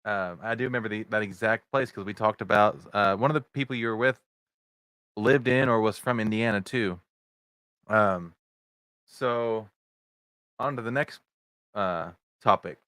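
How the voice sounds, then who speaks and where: A man's voice: fairly low pitch, a little slow, pauses often, fairly bright tone, clean tone, no room sound. A middle-aged man hosting a casual livestream podcast over video chat, rambling with many fillers and greeting viewers in the chat. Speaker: podcast host. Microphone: video chat setup.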